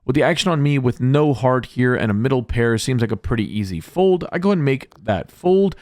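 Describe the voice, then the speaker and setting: A man's voice: medium pitch, animated, brisk, darkish tone, dry recording. Upbeat man narrating poker hands, dry close mic. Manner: upbeat, jokey play-by-play narration. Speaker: poker vlogger. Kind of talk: voice-over hand recap.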